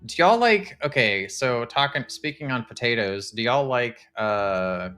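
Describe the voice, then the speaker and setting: A man, casually chatting to his live-stream viewers while touring game houses, excitable and talkative. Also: mid-range voice, a little slow, clear, resonant tone, soft background music. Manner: chatty, excitable, talks to chat.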